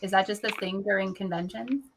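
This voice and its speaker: A woman's voice: medium pitch, fairly even intonation, brisk, noisy background. A woman chatting as a guest artist over a video call, making wry dry remarks. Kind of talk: casual chat.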